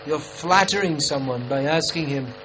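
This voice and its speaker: A man's voice: fairly high pitch, normal speed, crowd noise, low-quality recording. A man in his fifties giving a conversational sermon as a spiritual teacher, wry and rhetorical, posing questions and answering them himself.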